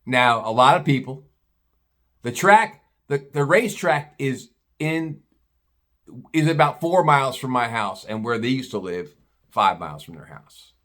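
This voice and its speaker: A man's voice: mid-range voice, lively intonation, a little slow, pauses often, a bit bright. A middle-aged American man telling a rambling personal story in casual talk, blunt and swearing freely. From United States. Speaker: vlogger.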